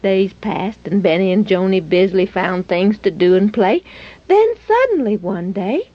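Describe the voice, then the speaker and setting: A woman narrating a children's story in a lively, expressive way. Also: medium pitch, normal speed, dry recording. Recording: dull, dry lo-fi recording.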